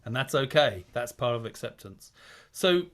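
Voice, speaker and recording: A man's voice: medium pitch, expressive, moderate pace, a bit bright. A man speaking as a guest on a video call, chatty and digressive, acting out quoted inner voices. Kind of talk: casual talk on a video call.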